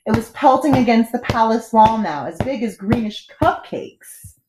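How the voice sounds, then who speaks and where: Woman teacher, storybook read-aloud, expressive, animated pitch, roomy echo. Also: normal speed, over loud music.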